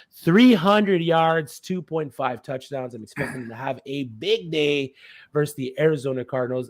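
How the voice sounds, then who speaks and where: Brisk man reeling off football stats. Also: mid-range voice, no room sound, studio quality. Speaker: fantasy football analyst. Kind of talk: fast stat-heavy sports analysis.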